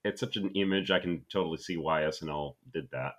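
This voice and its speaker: A man co-hosting a casual comedy podcast, talking in a deadpan, sarcastic way. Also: rumbling low, quick pace. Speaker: podcast co-host.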